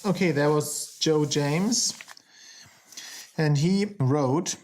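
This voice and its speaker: A man's voice: on the high side, very slow, pauses often, over music. A man co-hosting a casual podcast about card games, laughing often and searching for words. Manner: laughs often, hesitant phrasing. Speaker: podcast co-host.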